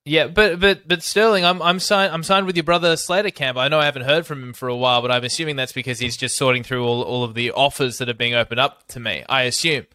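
A man co-hosting a comedy podcast, asking questions in a quick, deadpan way. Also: mid-range voice, no room sound. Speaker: podcast co-host.

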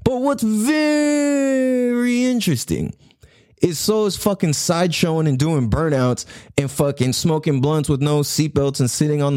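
A man's voice: on the high side, darkish tone, no echo, studio quality. A man in a casual, rambling monologue who swears a lot, laughs often and keeps checking in with his listener. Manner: rambling, profane, laughing, slips into quick impressions.

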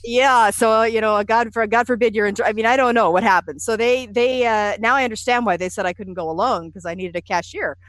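A woman being interviewed, telling travel stories in a lively, self-deprecating way with frequent fillers. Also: a little high, fast, few pauses, no echo. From United States. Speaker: interview guest. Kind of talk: conversational storytelling.

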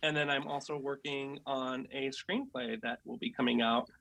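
A woman's voice: rumbling low, fairly even intonation, moderate pace, creaky, a bit bright, a little hiss or hum. A woman podcast guest, chatting and teasing playfully. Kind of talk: casual chat.

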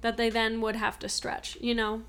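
A woman casually discussing a horror film, expressive and inquisitive. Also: on the high side, normal speed, vocal fry, a crowd in the background. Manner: expressive, groans and asks questions.

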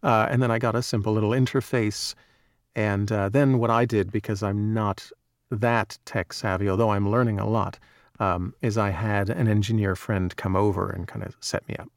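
Male audiobook narrator, relaxed and self-deprecating; low, gravelly, dry studio sound. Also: moderate pace, no echo. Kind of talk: casual interview chat.

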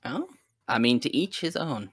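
Bright-voiced young man, laughing podcast chat. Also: medium pitch, expressive, normal speed, breathy edge, no echo, studio quality. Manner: laughs often while telling stories. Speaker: podcast co-host. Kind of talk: casual chat.

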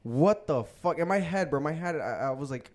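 A man's voice: a little high, animated, normal speed. A young adult man hosting a casual podcast, telling a bar story in loose slang with lots of swearing. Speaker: podcast host. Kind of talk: casual chat.

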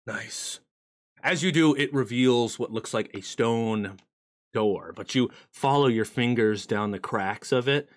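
A man narrating as game master of a streamed tabletop game, animated and swearing casually. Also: mid-range voice, unhurried.

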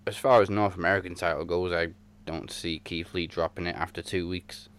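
A man's voice: deep voice, fairly even intonation, brisk, a bit bright, clean tone. A man co-hosting a wrestling podcast in casual chat, who speaks matter-of-factly and steers the topics. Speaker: podcast co-host.

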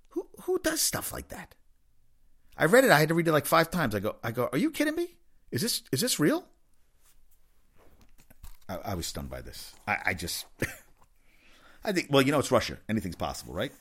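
Animated man talking sports. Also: medium pitch. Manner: animated, incredulous outbursts, repeats words when excited. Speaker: sports talk host. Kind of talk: casual sports commentary monologue.

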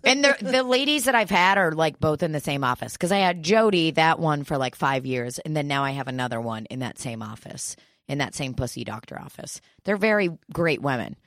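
Low-voiced woman telling crude stories. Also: a little fast, dry recording, studio quality. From St. Louis area. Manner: profane, laughing, animated retelling. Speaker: guest storyteller. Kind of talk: crude comedic storytelling.

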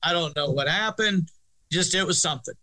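A man's voice: on the high side, fairly quick. A middle-aged man, a football coach telling a story in an interview with many restarts. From Arkansas, USA. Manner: animated, rambling restarts, laughs through story. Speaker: high school football coach, guest.

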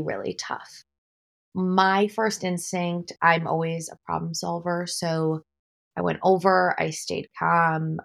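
A woman in her thirties talks through wedding-day mishaps on her podcast. Her voice sits low with a gravelly fry, and she stays calm and practical, adding the occasional light laugh. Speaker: wedding planner and podcast host. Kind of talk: solo podcast talk.

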